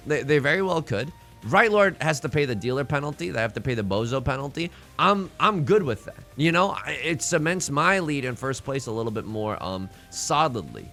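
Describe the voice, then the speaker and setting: A young man commentating his own game with a lively, swooping voice and a bright, forceful tone. He jokes his way through each move and talks straight to his rivals on screen. Music plays quietly behind him. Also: medium pitch. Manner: animated, jokey, talks to opponents on screen. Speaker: let's play host.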